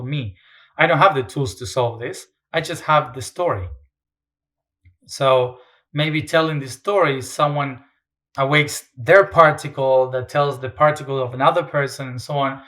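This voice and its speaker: A man's voice: medium pitch, a bit bright. Male guest, medium voice, reflective and hesitant, frequent "um"s. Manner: hesitant, many fillers and restarts. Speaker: interview guest. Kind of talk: reflective interview talk.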